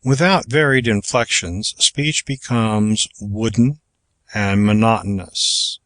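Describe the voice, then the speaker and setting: A man giving a measured, even scripted narration of a public speaking manual, as an audiobook narrator. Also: fairly low pitch, dry recording.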